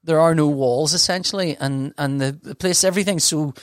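Casting note: man, a little high-pitched, rambling anecdote, dry close sound. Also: fairly quick, dry recording. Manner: rambling anecdotal storyteller, laughs often, flustered. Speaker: podcast host telling a story. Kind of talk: casual chat.

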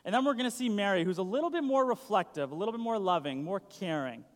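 Young man, casual preaching, high voice, chatty, echoing hall. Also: expressive, fast talker. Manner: chatty, uses "like" a lot. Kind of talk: casual sermon. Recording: long hall reverb.

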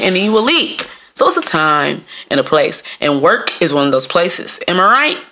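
Woman podcaster talkin loose n profane, aave, gravelly and kinda bright, low-ish voice. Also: very animated, normal speed. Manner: acts out voices with big pitch jumps. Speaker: podcast host. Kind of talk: casual solo podcast monologue.

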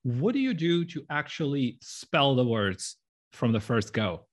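Male interview host, mid-pitched, stumbles over sentence openings. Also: big pitch swings, unhurried. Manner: repeats words when starting sentences. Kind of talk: interview questions.

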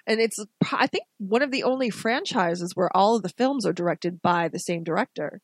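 A woman's voice: medium pitch, normal speed, no echo. Chatty woman podcast co-host. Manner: chatty, animated storytelling with restarts. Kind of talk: casual podcast chat.

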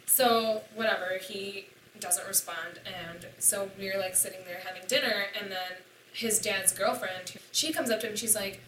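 A woman's voice: mid-range voice, unhurried, a bit bright, a little hiss or hum. A woman in her twenties, a podcast guest, telling a personal story in a candid, profane way and acting out the dialogue. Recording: echoey room, distant mic.

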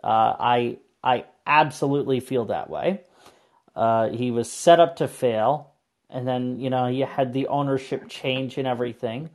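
A man's voice: mid-range voice, measured pace, darkish tone. A man co-hosting a podcast who steers a casual sports conversation and talks through his points. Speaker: podcast co-host.

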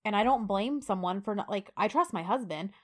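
A woman's voice: medium pitch, expressive, fairly quick. A woman co-hosting a casual podcast who recaps a TV episode in a chatty way, quoting the characters as she goes. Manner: chatty, retells scenes by quoting lines. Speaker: podcast co-host.

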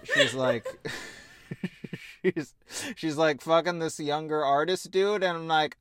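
A man chatting casually as a podcast co-host, animated and quick to laugh, with plenty of swearing and tangents. His voice sits somewhat high. The recording is dry and close, with no room sound. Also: no room sound. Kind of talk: casual chat.

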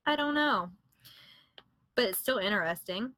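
A woman's voice: mid-range voice, expressive, measured pace, pushed and bright, no echo. A woman podcast host in casual storytelling, retelling and reading from a book, conversational with fillers and self-corrections.

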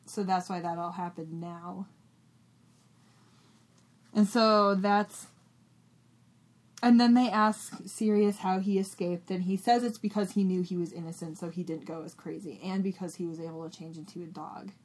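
A woman's voice: on the low side, fairly even intonation, normal speed, darkish tone. Woman on a book podcast, recapping chapters, talks in likes and ums, acts out the lines. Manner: retells scenes in quoted voices, lots of "like" and "um". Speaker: podcast co-host. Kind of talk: casual book club recap.

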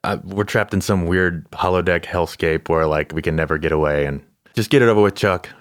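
A man co-hosting a podcast, making gloomy deadpan jokes in casual chat. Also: deep voice, brisk, no room sound, studio quality. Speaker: podcast co-host.

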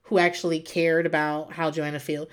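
A woman recapping in casual chat, animated, laughing often and swearing freely. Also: low voice, normal speed. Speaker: podcast host recapping reality TV.

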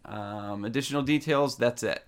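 A man co-hosting a comedy advice podcast, talking casually with many ums and laughs. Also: medium pitch. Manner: halting, lots of ums and laughs. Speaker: podcast co-host.

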